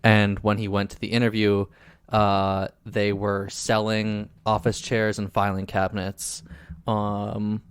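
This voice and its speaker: A man's voice: fairly low pitch, monotone, takes it slowly, clean tone, no echo, studio quality. A man co-hosting a casual movie reaction commentary, rambling and joking through tangents. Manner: rambling, joking, trails into asides.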